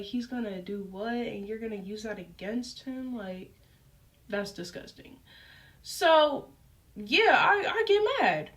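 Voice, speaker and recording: A young woman vlogger telling a casual story, animated and full of fillers like "like" and "um". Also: a little high. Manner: animated, lively retelling with frequent fillers. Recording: voice picked up from a distance.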